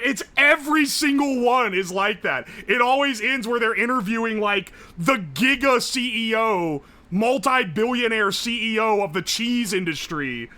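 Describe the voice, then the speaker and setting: A young man streaming live, rambling and swearing as he goes, loud and excitable. His voice sits high and swings up and down a lot, with a bright, forceful edge. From United States. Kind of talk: casual live-stream chat.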